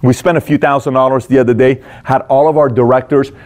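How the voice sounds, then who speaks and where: A man's voice: mid-range voice, steady tone, fast, a little mellow. A man who leads a company, giving a motivational business talk in a direct, punchy way, full of rhetorical questions. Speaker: business leader teaching management.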